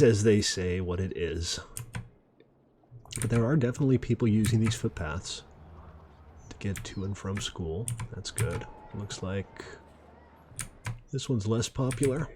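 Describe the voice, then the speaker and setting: Gameplay narrator, man with a lowish voice, laid-back and wry, faint clicking in the background. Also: slight background noise. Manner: relaxed, self-deprecating, chatty asides. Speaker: gaming video host. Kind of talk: casual gameplay commentary. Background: faint mouse clicks and typing.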